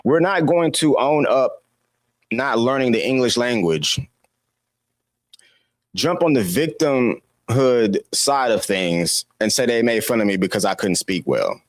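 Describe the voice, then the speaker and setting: A man's voice: mid-range voice, expressive, a little slow, dry recording, studio quality. A man giving an opinion monologue as a commentator, preachy and scolding, firing off rhetorical questions. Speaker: political commentator.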